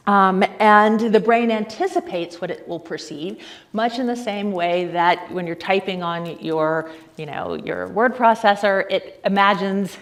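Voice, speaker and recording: Woman lecturing at a conference, chatty and lively, lots of ums, mid pitch. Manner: lively, explanatory, with fillers and asides to the audience. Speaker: conference speaker.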